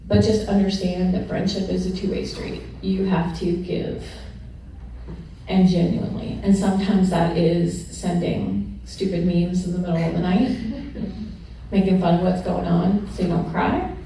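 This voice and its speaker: A woman's voice: fairly low pitch, little pitch movement, measured pace, dark tone, slight background noise. A middle-aged woman telling candid personal stories to an audience at a celebration, laughing often and sometimes emotional. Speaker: honored alumna speaking at a celebration. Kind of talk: personal storytelling remarks to an audience. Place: large echoey event room with an audience. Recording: distant, echoey room sound.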